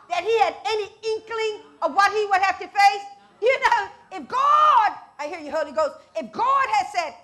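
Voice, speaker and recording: A woman preaching a sermon, animated, with sudden loud scripture quotes and asides to the congregation. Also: very high voice.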